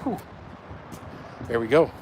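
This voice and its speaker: A man's voice: takes it slowly, a little mellow, a little hiss or hum. A man hosting a live stream about eating hot peppers, chatting casually and greeting viewers by name, a little out of breath, talking into a phone camera indoors. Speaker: pepper-eating channel host. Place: indoors, upstairs room. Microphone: phone camera at close range.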